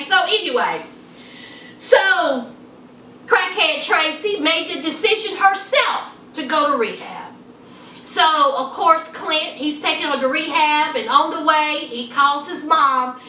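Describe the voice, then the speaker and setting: A sassy woman gossips through a reality show recap, teasing her viewers with "honey" and "child." Her voice sits high and bright. She sounds a little distant in a roomy, echoey space. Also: a little hiss or hum. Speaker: reality TV reviewer. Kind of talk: casual TV recap vlog. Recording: echoey room, mic set back.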